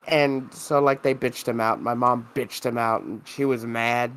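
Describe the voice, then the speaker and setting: A man's voice: mid-range voice, steady tone, measured pace, a bit bright, faint music behind. A man co-hosting a podcast in casual chat, telling long rambling stories with lots of swearing and fillers. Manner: rambling, profane storytelling full of fillers. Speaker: podcast co-host.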